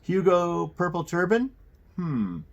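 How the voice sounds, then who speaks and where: A man's voice: on the high side, lively intonation, normal speed, dull audio. A man voicing a thoughtful, helpful male jeweler on the phone. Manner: thoughtful, hesitant.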